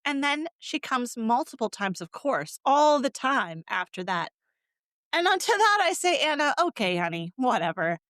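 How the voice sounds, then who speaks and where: A woman co-hosting a casual book-review podcast, sarcastic and animated, swearing freely and laughing often. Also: sits high, measured pace, dry recording. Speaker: podcast co-host.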